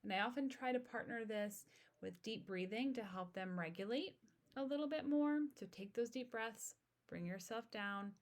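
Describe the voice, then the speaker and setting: A woman in her thirties hosting an educational podcast, speaking in a calm, steady, instructive way. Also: on the high side, normal speed. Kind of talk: informational podcast monologue.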